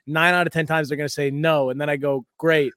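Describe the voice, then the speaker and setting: A young man hosts a laid-back comedy podcast, riffing and cursing as he jokes with friends. His voice sits slightly high, and the recording is dry and close. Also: little pitch movement, fairly quick, a bit bright, clean tone, no echo. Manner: loose, joking, swears often, does mock voices of people. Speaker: podcast host. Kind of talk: casual comedic chat.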